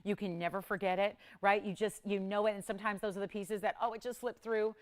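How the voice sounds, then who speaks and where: A woman's voice: medium pitch, steady tone, fast. A woman hosting a live TV jewelry shopping show, enthusiastic and repeating words for emphasis. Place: TV studio.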